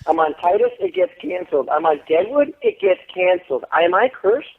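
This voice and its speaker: A man being interviewed as an actor, telling stories in a profane, animated way over the phone. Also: sits high, moderate pace. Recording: tinny phone line.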